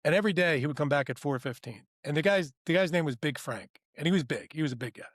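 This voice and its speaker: A man co-hosting a podcast, telling a workplace story in a rambling, animated way. He acts out both sides of the conversation and keeps saying "right?" and "I go". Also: on the high side, fast talker, no echo, clean studio sound. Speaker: podcast co-host. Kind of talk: casual storytelling.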